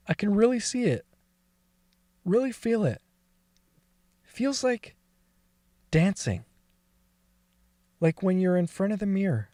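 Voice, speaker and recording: A man's voice: on the high side, darkish tone, no echo, clean studio sound. An actor playing a crude, bitter man who has lost his memory after a brain injury, swearing constantly and crying in an audio drama. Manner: swears constantly, blunt and scornful. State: crying and laughing.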